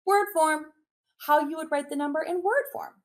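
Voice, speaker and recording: A woman teacher giving a webinar demonstration, animated and drilling phrases in a sing-song call-and-response. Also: high-pitched, a little fast, noisy background. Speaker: early childhood teacher presenting a webinar. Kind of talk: teacher demonstration with chants and repetition.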